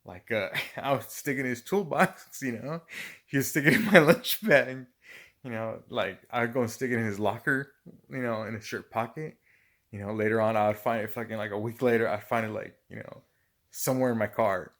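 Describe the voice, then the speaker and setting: Casual storytelling from a middle-aged man: mid-range voice, moderate pace, tales from work. He's profane throughout, laughs a lot, and brings the stories to life animatedly.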